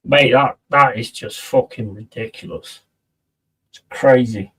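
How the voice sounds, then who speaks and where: A man talks loosely to his stream audience, swearing often and reacting to chat as it comes in. His voice sits at an ordinary middle pitch. He sounds a little back from the microphone. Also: a little slow, slightly rough, distant mic. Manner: swears a lot, chatty, reacts to viewers' messages. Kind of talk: casual live-stream chat.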